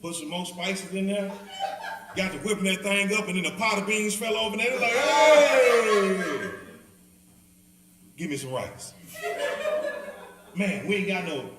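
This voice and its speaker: In a church hall with lots of echo, a distant man with a high-pitched Southern voice teaches a Bible study at a moderate pace with long pauses. He's animated throughout, joking, laughing and acting out people from his stories.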